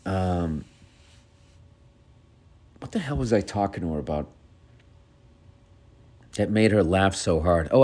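With a low, somewhat dark voice, a middle-aged man shares family stories in casual storytelling. His telling is rambling and profane, frequently cut off partway through a sentence.

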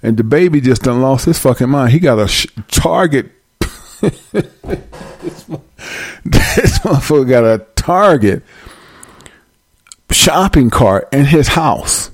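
A man hosting a talk show, ranting in a loud, profane, mocking comedic style. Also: mid-range voice, animated, slow pace, long pauses, no room sound. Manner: loud, profane, mocking, uses preacher-like call-outs. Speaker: show host.

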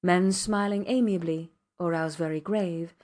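A woman reading a classic novel aloud as an audiobook narrator, in measured storytelling that rises for the quoted dialogue. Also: lowish voice, steady tone, a little mellow. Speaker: audiobook reader.

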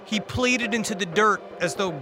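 A man as guest preacher, reading a dark comic story in a wry, dramatic way. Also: high-pitched, moderate pace, noisy background. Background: music.

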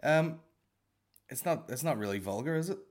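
A man's voice: mid-range voice, expressive, moderate pace. Northern Irish man, comedy podcast host, sweary, rambling, self-mocking, reading listener questions alone. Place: alone in a room.

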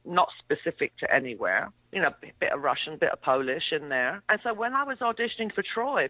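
A middle-aged actress from England with a mid-Atlantic accent, speaking on the low side, tells stories as an interview guest. She's chatty and laughs easily, full of fillers and restarts. The audio is a tinny, dry phone line.

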